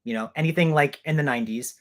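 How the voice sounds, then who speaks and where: A man's voice: fairly high pitch, quick pace. Male host in his thirties, talkative, rambling, self-mocking, live Q&A stream. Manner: chatty, rambling, self-deprecating. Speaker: channel host.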